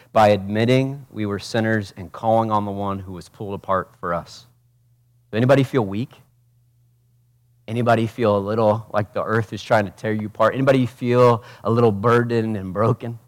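With a lowish voice, this male pastor preaches fervently, rising to loud, urgent moments and dropping into soft, intimate asides. He questions the congregation directly, leans on rhetorical questions, and performs quotations as he goes.

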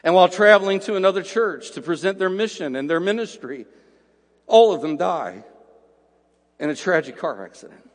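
High-voiced preacher in a reverberant hall. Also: male voice, animated. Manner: swings from hushed storytelling to slow, emphatic preaching. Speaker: pastor. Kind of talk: sermon. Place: church sanctuary.

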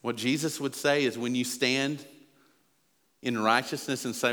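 A man's voice: little pitch movement, moderate pace, fairly bright tone. A man preaching a sermon as pastor, earnest and emphatic, his voice rising as he presses his points. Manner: earnest, emphatic preaching that builds in pitch and volume. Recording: long hall reverb.

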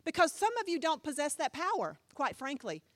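A middle-aged woman pastor preaches in a high, dry, close-miked voice. She fires rhetorical questions and swings from loud emphasis to hushed asides. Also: sing-song, a little fast, no room sound. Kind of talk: sermon.

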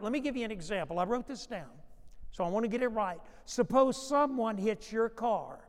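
A male pastor preaching a sermon, moving from loud urgent passages to low hushed asides. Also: lively intonation, fairly quick. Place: church sanctuary. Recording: long hall reverb.

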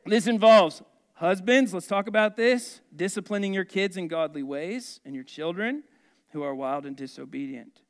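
Male pastor, slightly high voice, conversational sermon delivery, questions to the congregation and humorous asides. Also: moderate pace.

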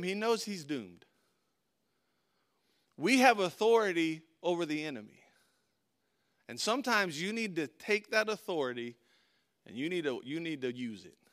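A middle-aged pastor, delivering a sermon full of storytelling. His voice sits high and bright. He swings from quiet, intimate asides to shouted, excited peaks.

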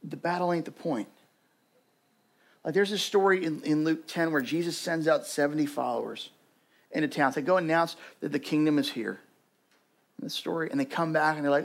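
A man's voice: fairly high pitch, brisk, creaky. A young adult man preaching as a pastor, talking conversationally with lots of "like" fillers and building to urgent emphasis. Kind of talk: sermon.

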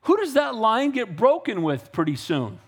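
A man preaching a sermon as pastor, swinging from calm asides to fervent, raised passages and calling out to the congregation. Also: sits high, moderate pace, slightly rough. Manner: builds to fervent, raised preaching, with audience call-outs.

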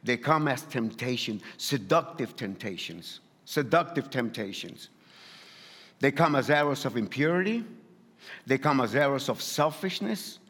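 A man's voice: medium pitch, expressive, unhurried, fairly bright tone, slightly rough. Repetitive, emphatic preacher man in a hall. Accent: non-native English. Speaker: pastor. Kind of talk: sermon.

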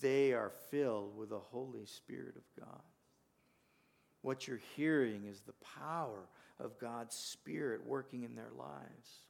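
A man, a pastor, preaching a sermon in an earnest way, often rising in force and then dropping to a quiet close. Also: medium pitch, unhurried, creaky.

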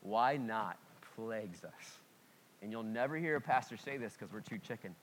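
A man's voice: on the low side, brisk, a little hiss or hum. Candid joking male pastor. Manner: candid, self-deprecating humor; lively, sudden swings in loudness. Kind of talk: conversational sermon.

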